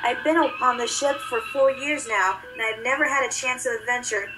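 A woman's voice: a little high, a little fast, far from the mic, noisy background, natural voice. A woman voicing an eager young female junior officer who pleads earnestly. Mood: pleading.

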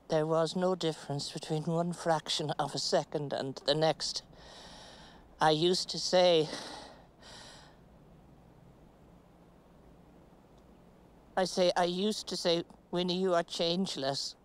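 An actress playing a stoic middle-aged woman, giving a slow, halting stage monologue with long pauses. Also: fairly low pitch, clear, resonant tone, lightly acted. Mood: weary.

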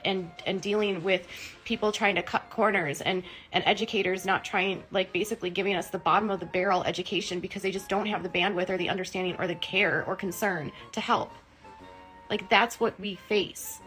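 A woman's voice: medium pitch, fairly bright tone, poor audio. Woman, livestream host, emotional, indignant, rambling, fillers.

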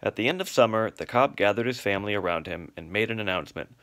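A man narrating a children's novel aloud in a steady storytelling manner. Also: fairly low pitch, fast.

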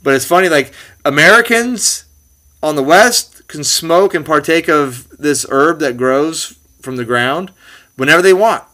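Bright-voiced rambling podcast host. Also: male voice, a little high, expressive, a little slow. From California Bay Area. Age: 40s. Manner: rambling, many fillers and restarts. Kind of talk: casual conversation.

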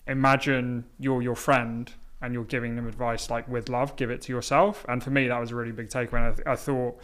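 A man's voice: medium pitch, little pitch movement, a bit bright, clean tone. A man hosting a podcast, speaking in a casual, friendly way and readily affirming his guest. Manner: friendly, agreeable, quick to affirm. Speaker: podcast host. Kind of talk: casual conversation.

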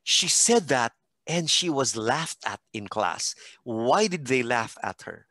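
A man's voice: mid-range voice, slow, no echo. A man, a teacher and expert on a podcast, telling stories in casual conversation and acting out what people said. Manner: animated storytelling with acted-out quotes.

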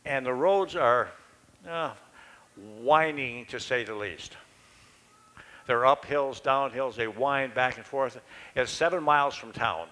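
A man's voice: mid-range voice, slow, pushed and bright, low-quality recording. An older man preaching a sermon in a church, telling a personal story in a folksy, conversational and self-deprecating way.

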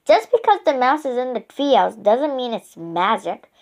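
A woman's voice: fairly high pitch, sing-song, normal speed, a little mellow. Sensible, grumbling young boy, read by a woman in her own voice, a bit exasperated. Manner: doubtful, sensible, a little exasperated. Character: cautious, grumbling eight-year-old boy.

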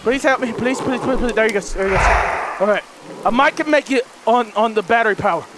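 A young man giving frantic, cursing commentary while playing a horror game and yelling at the monsters. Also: extremely high pitch, fairly quick, very noisy. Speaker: gaming video host.

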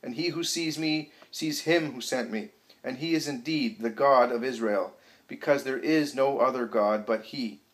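A solemn grown preacher who declaims his words to a crowd, read out by a man. His voice sits at a middling pitch and stays grave and commanding throughout. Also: little pitch movement, moderate pace, lightly acted, low-quality recording. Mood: declaiming.

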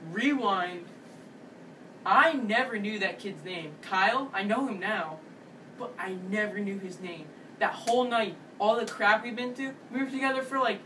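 A man's voice: sits high, recorded from a distance, a little hiss or hum, low-quality recording. A young man vlogging, telling a story animatedly and acting out what everyone said. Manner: animated, quotes people in character. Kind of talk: storytelling vlog.

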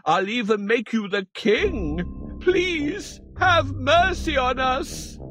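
A man's voice: extremely high pitch, lively intonation, slow pace, exaggerated voice. A man voicing a fretful old king in a cartoon fairy tale, theatrical and pleading.

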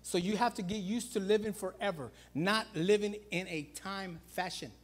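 A pastor preaching a sermon in an animated way, calling out to the congregation and swinging between loud calls and low, quiet emphasis. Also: male voice, normal speed. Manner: animated preaching, repeats "watch this" and "guys".

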